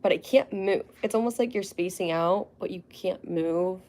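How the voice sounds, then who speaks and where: A woman's voice: medium pitch, normal speed, a little mellow. A young woman hosting a casual livestream, chatting in a rambling way with frequent fillers and laughs. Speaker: livestream host.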